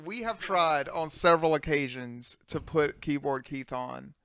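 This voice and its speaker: A man's voice: a little high, unhurried, a bit bright, smooth, dry recording. A man co-hosting a comedy podcast who talks in a loose, rambling way, full of "like" and restarts. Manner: rambling, many fillers like "like". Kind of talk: casual chat.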